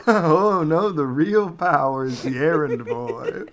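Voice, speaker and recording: A man's voice: on the high side, expressive, slow, lo-fi sound, slight background noise. A man co-hosting a podcast, riffing and laughing in casual comedic banter. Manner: giggly, riffing, lots of laughter. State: hiccuping. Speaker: podcast co-host.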